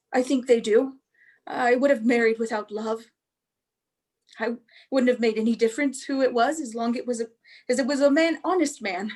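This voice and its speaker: A woman reading the part of a gentle older sister, speaking softly and reassuringly. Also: on the high side, natural voice. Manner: soft, soothing, reassuring. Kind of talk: staged play reading.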